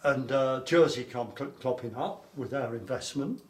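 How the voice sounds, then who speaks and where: A man's voice: medium pitch, moderate pace. Older man telling wartime stories. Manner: rambling storytelling with repetitions. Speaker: interviewee recalling wartime childhood. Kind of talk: oral history interview. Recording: echoey room, faint background noise.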